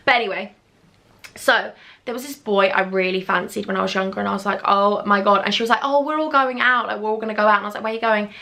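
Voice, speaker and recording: A woman's voice: mid-range voice, quick pace, vocal fry, pushed and bright. A young woman, telling a storytime in a gushing, chatty way full of pet names. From England. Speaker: beauty vlogger. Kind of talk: casual storytime chat.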